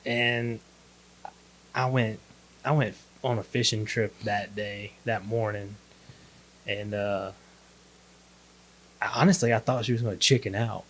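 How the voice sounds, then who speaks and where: A man's voice: on the low side, steady tone, unhurried, long pauses, a bit bright. A man telling his faith story as a guest in a casual chat, laid-back and acting out the lines of others. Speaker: podcast guest.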